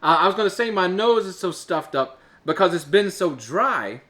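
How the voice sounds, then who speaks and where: Chatty congested man, high voice. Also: lively intonation, moderate pace, pushed and bright. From Alabama, US. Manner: rambling, chatty, with filler uhs and laughs. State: stuffed-up nose, congested. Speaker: show host. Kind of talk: casual solo talk to camera.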